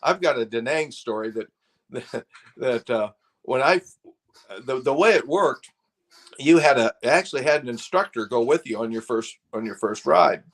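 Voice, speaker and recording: A man's voice: medium pitch, expressive, moderate pace. An older man, a guest telling casual stories, rambling with frequent restarts and laughter. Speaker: guest, former fighter pilot. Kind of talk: casual storytelling.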